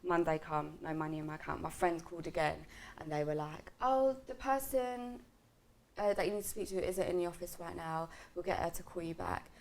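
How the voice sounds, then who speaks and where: A woman's voice: low voice, fast. A woman, telling a story to friends in a casual vlog chat and acting out the lines of the people in it. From South London. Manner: animated, acts out quoted lines, swears. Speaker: vlogger.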